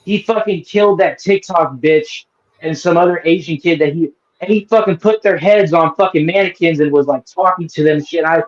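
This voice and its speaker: A man retelling a movie plot in a loose, rambling way, full of fillers, restarts and swearing. His voice sits a bit high for a man. The sound is dull and lo-fi. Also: moderate pace. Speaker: host. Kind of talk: casual movie review chat.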